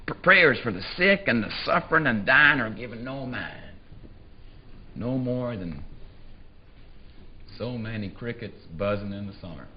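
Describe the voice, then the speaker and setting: A man's voice: mid-range voice, animated, a little slow, pauses often, highs cut off, slight background noise, close to an everyday voice. A man giving a live dramatic reading as a coarse, uneducated rural man from the South, telling his tale with an earthy, drawling relish. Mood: gleeful. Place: theatre stage before a live audience.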